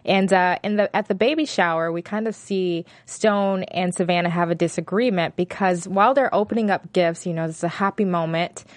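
A woman's voice: on the low side, fairly even intonation, brisk, few pauses, no room sound. A young woman co-hosting a casual reality-TV recap chat, retelling scenes plainly with filler words. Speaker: podcast co-host.

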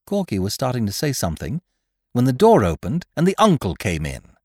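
A man reading a comic story aloud in first person, with an expressive, theatrical delivery. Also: mid-range voice, a little fast, no echo, studio quality. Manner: lively and theatrical, bright comic timing. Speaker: audiobook reader.

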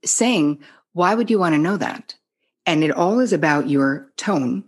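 A middle-aged woman speaks as a podcast guest in a low, slightly husky voice. She talks frankly and bluntly, swearing freely and stumbling over restarts as she makes her points in casual conversation. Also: animated, a little slow. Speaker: psychotherapist guest.

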